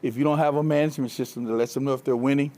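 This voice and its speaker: A man giving a motivational talk to a live audience, telling stories from his coaching days in an animated way and laughing along with them. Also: mid-range voice, very fast. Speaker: keynote speaker, former track coach. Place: live event before an audience.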